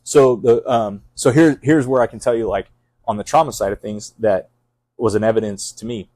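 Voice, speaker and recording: Intense fast-talking fire captain, low voice. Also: male voice, fairly even intonation, mellow, no room sound. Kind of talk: casual podcast conversation.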